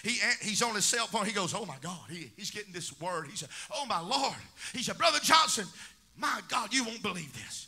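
A man preaching a sermon in church, telling stories in quoted dialogue and building up to shouted, sing-song peaks. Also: high voice, expressive, a little fast, husky. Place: church sanctuary.

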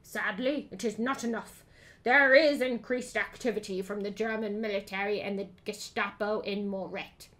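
A woman voicing a stern male commanding officer who speaks in a measured, formal way as she reads a game aloud. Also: medium pitch, steady tone, fairly bright tone, lightly acted. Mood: solemn.

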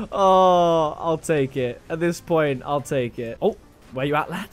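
A man's voice: fairly high pitch, pitched below the performer's own voice. A man impersonating a male gamer YouTuber who mutters and swears in frustration at his game.

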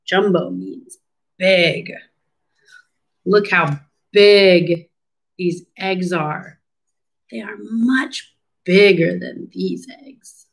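Slow, sing-song woman teaching children. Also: on the low side, lively intonation. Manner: slow, encouraging, asks the listener questions. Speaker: speech therapist reading to children. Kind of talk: children's storybook read-aloud lesson.

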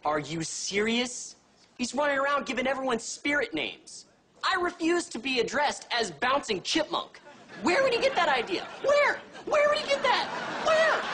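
A woman's voice: sits high, sing-song, normal speed, a bit bright, slight background noise. Incredulous sitcom teen girl. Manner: incredulous, emphatic. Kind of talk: sitcom acting.

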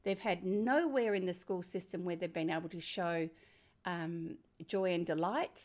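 An older woman with an Australian accent, speaking as a guest in a podcast conversation, telling stories with lively emphasis. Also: on the low side, moderate pace. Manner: animated, emphatic storyteller. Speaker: parenting author and guest.

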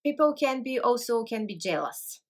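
A woman's voice: on the high side, expressive, moderate pace. A woman from Bulgaria, a native Bulgarian speaker talking in English with a Bulgarian accent, chatting casually to camera and often searching for words and correcting herself. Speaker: language channel host.

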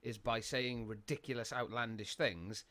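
A man's voice: medium pitch, fairly even intonation, moderate pace, a bit bright. A man from the UK hosting a podcast, chatting casually and wandering off on tangents. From United Kingdom. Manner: rambling, goes off on tangents, laughs often. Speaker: podcast host. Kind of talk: casual chat.

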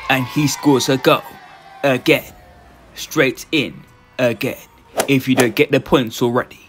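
A man voicing a stiff robotic male sports announcer, calling a video game match in a formal monotone. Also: mid-range voice, natural voice. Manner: monotone, formal commentary phrasing. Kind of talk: mock sports commentary. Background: music.

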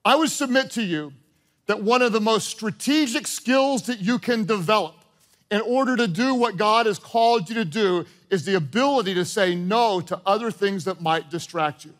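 A man preaching a sermon as pastor, animated, acting out short exchanges and repeating his points. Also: high-pitched, moderate pace. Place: church auditorium with congregation.

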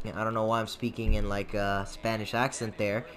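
A young man giving casual commentary over his own baseball video game, swinging between muttered asides and loud outbursts. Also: lowish voice, flat delivery, normal speed, faint music behind. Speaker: gaming YouTuber.

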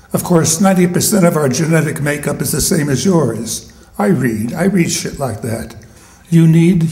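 A blunt, wisecracking talking dog, as a man puts him on during a live poetry reading, laying out his streetwise views in slow, deliberate phrases. The sound is roomy and echoey, like a small venue. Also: on the high side, warm tone.

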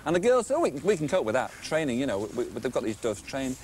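A man's voice: mid-range voice, sing-song, quick pace, a little mellow, a little hiss or hum. An older man reminiscing outdoors in a chatty, enthusiastic way. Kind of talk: casual reminiscing.

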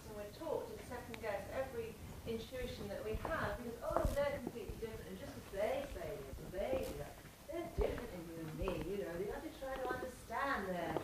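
A woman's voice: on the high side, lively intonation, fast, long pauses. A woman in a seminar audience, speaking up earnestly with a point. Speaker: seminar participant. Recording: echoey room, faint noise.

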